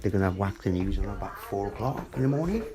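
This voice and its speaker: A man's voice: lowish voice, expressive, fast, a crowd in the background. A man rambling and swearing in a late-night home monologue, often dropping into murmurs and whispers. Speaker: vlogger. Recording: noisy home recording.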